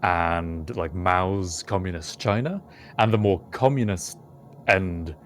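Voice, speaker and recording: A man's voice: low voice, slow pace. A British man co-hosting a podcast, musing through a casual chat. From United Kingdom. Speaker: podcast co-host.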